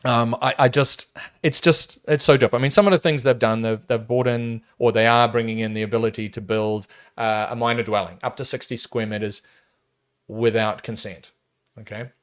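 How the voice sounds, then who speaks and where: A man's voice: medium pitch, moderate pace, clean tone. Emphatic man. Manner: emphatic, animated, frequent restarts. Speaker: property developer guest. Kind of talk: casual podcast interview.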